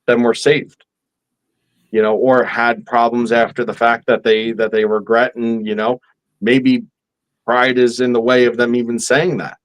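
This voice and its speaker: A man hosting a casual talk show, speaking in a rambling, halting way with many restarts. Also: medium pitch, level tone, poor audio. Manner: rambling, halting, restarts and "you know" fillers. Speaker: host.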